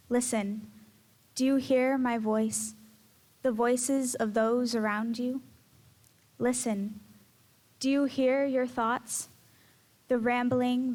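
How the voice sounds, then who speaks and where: A teenage girl reading her own poems aloud in a measured, earnest way. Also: on the high side, darkish tone. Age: teens. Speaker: student poet. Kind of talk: poetry reading.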